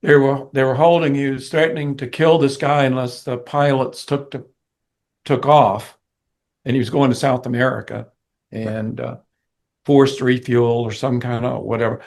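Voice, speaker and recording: An older man, a musician being interviewed, telling a story in an animated way and acting out the people in it. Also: mid-range voice, moderate pace, creaky. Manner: animated, vivid storyteller who acts out quoted people. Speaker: guest musician.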